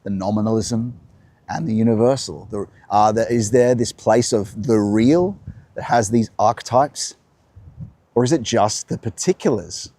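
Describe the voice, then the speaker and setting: A man's voice: on the low side, measured pace, dark tone, no room sound. A man hosting a live-streamed talk while walking outdoors, musing and answering his own questions. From Australia. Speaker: host. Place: outdoors by the coast.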